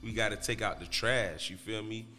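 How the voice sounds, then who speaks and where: A man's voice: lowish voice, fairly even intonation, normal speed, sharp tone, big-room sound. A man telling a story as a podcast guest in loose, profane street talk. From Miami, Florida. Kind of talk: casual storytelling.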